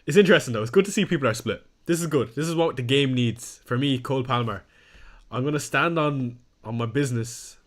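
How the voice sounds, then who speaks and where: Young male streamer, casual self-deprecating chat, mid-pitched voice. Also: brisk, fairly bright tone. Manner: chatty, self-deprecating, reads chat aloud. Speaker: fantasy football streamer. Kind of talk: casual live-stream chat reading viewer comments.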